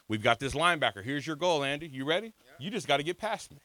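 A man in his thirties preaching an energetic sermon, telling his own story, calling on the crowd and swinging from soft to shouted lines. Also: fairly high pitch, fast talker, dry recording. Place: church hall before a congregation.

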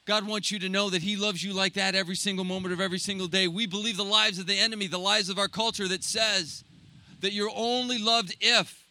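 Bright, forceful preaching man. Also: high-pitched, fairly even intonation, no room sound. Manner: impassioned preaching, drops to soft intimate tones, slows on key phrases. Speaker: pastor. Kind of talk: sermon.

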